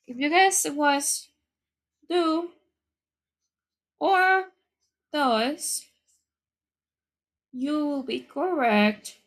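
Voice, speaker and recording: A high-voiced woman explains an English grammar lesson. She speaks slowly and patiently, repeating each key point so learners can follow. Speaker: English teacher. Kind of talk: slow, careful lesson explanation.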